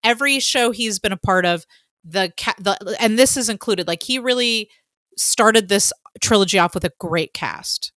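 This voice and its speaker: A woman co-hosting a podcast in casual chat, an excitable fan who gushes and fills her talk with "um". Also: medium pitch, moderate pace, dry recording. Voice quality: excitable, gushing fan with many fillers. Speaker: podcast co-host.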